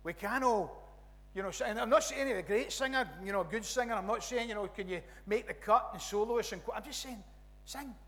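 A Scottish pastor from the West Coast delivers a chatty, animated sermon, circling back with restarts and asides. His voice is bright and pitched high for a man. The hall around him rings with a long echo. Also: a little fast. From Scotland. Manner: animated, rambling with restarts and "you know, right?" asides. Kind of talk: conversational sermon. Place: church.

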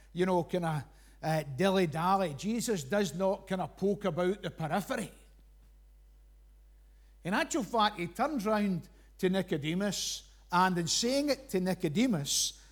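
A man preaching a sermon, emphatic, with frequent fillers and restarts. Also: sits high.

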